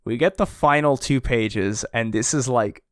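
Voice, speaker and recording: A man co-hosting a casual podcast chat, excitable, laughing often and acting out quotes. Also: medium pitch, measured pace, smooth, dry recording, clean studio sound. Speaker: podcast co-host. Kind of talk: casual chat reviewing a chapter.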